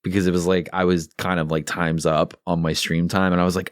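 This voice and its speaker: A man as a guest on a games podcast, talking easily with pauses and fillers. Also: deep voice, flat delivery, clear, resonant tone, no echo, studio quality. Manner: easygoing, listing things with pauses and fillers. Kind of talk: casual chat.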